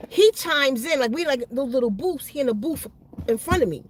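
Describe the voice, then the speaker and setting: A woman with a high-pitched voice tells a personal story to her channel. Her speech is slangy and animated. She stumbles over and repeats words as she goes. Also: brisk, slight background noise. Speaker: channel host.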